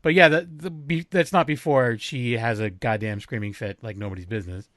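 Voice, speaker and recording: A man's voice: mid-range voice, fairly even intonation, fairly quick, a crowd in the background. A man co-hosting a casual film review podcast over a video call, acting out scenes in funny voices. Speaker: podcast co-host.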